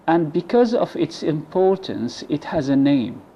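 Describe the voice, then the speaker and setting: Egyptian man teaching pronunciation slowly. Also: big pitch swings, dark tone. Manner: slow, deliberate model words, drops low at phrase ends. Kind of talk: bilingual pronunciation lesson. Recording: dull lo-fi recording with faint noise.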